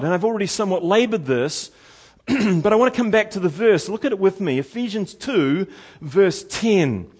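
A middle-aged man preaching a sermon as pastor, earnest, slowing down to stress key words. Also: high voice.

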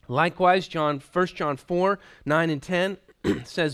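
A man preaching a sermon in an earnest, emphatic way, repeating key phrases and letting his voice drop low at the ends of lines. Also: slow pace, a bit bright, smooth.

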